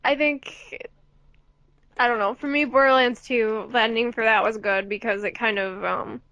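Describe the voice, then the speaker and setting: A woman's voice: on the high side, steady tone, moderate pace, pushed and bright, no room sound, lo-fi sound. A young woman co-hosting a casual gaming podcast, chatty and rambling, laughing between thoughts. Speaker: podcast co-host.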